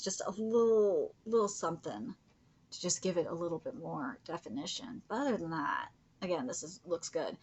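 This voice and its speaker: A woman's voice: fairly low pitch, husky. A young woman hosting a live reaction stream, gushing over comic pages and swearing freely.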